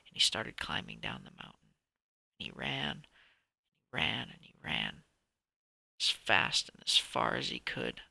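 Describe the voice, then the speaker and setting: A man telling a children's story out loud, animated, sometimes dropping to a whisper and restarting sentences. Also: on the low side, gravelly, breathy edge, no echo. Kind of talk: improvised bedtime story reading.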